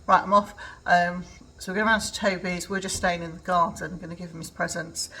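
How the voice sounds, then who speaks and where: A woman's voice: lowish voice, steady tone, brisk, sharp tone, slightly rough, low-quality recording. An older woman from England chatting casually in a home vlog, rambling with lots of ums. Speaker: vlogger. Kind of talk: casual chat.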